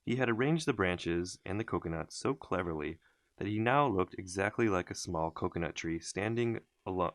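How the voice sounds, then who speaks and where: Deep-voiced man reading a storybook. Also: no echo, studio quality. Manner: expressive, unhurried storytelling. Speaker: storybook reader. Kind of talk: reading a children's book aloud.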